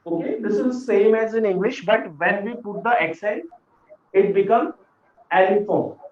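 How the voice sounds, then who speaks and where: A man teaching a beginners' French lesson, patient and repeating words slowly for learners. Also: high-pitched. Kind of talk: classroom lesson explanation. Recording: echoey room, dull lo-fi sound.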